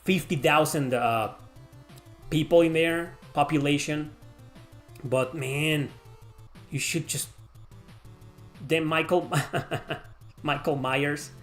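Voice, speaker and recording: A man's voice: fairly high pitch, fairly even intonation, slow, long pauses, soft background music. Rambling, cussing male streamer. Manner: rambling, swears freely. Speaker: streamer answering chat. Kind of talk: casual livestream Q&A.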